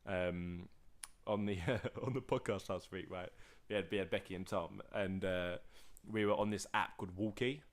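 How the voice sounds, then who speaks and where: A man co-hosting a podcast, telling stories in a rambling, excitable way full of fillers and restarts. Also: low-pitched, normal speed. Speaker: podcast co-host. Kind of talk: casual storytelling chat. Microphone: podcast mic.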